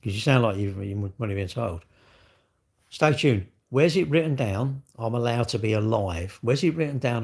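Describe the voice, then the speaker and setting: A man's voice: medium pitch, a little mellow. A middle-aged man, talking alone on his livestream in a blunt, sweary rant full of rhetorical questions. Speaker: livestream host. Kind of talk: casual ranting monologue.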